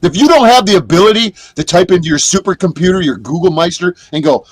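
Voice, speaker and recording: Angry high-voiced man ranting, very dry sound. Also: animated, fast talker, few pauses, no echo. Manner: profane, aggressive, shouts at chatters. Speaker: livestreamer. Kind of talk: angry livestream rant. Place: inside a motorhome.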